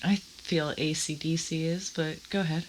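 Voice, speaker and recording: A woman co-hosting a casual podcast, teasing and blunt with quick jokes. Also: sits low, steady tone, a little hiss or hum, rough recording. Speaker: podcast co-host. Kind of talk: casual chat.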